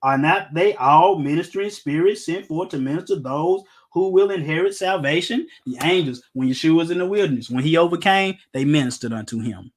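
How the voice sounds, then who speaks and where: A middle-aged male preacher with a notably high voice, teaching scripture in a loose, conversational sermon. He is emphatic, pushes his listeners with rhetorical questions, and drops jokes along the way. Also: brisk, few pauses. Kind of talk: informal Bible-teaching sermon.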